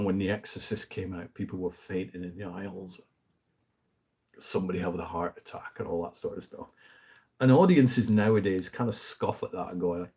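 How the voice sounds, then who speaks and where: A man with a low, husky voice talks casually and at length about films. He rambles from one thought to the next with clear enthusiasm, often letting his sentences trail away into quiet asides. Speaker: host, film reviewer. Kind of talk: casual chat.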